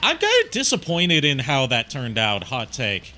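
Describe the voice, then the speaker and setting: A man with a bright, forward voice talks loosely through a game stream. He rambles, swears without a second thought and laughs at his own jokes, at an ordinary middle pitch. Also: wildly swooping pitch, moderate pace. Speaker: stream guest. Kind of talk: casual game-stream chat.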